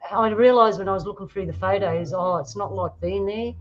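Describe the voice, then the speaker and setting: A woman's voice: mid-range voice, fairly quick, highs cut off. A woman with an Australian accent hosting a casual chat, telling stories about her photos and laughing often. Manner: laughing, storytelling, acts out quoted voices. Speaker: host.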